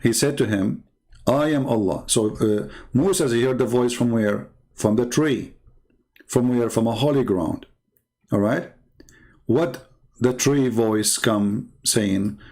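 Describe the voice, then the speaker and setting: Mocking man, gravelly voice. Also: mid-range voice, slow, darkish tone. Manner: mocking, combative, argumentative; non-native English with broken grammar. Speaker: religious critic and commentator. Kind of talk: screen-share commentary on texts.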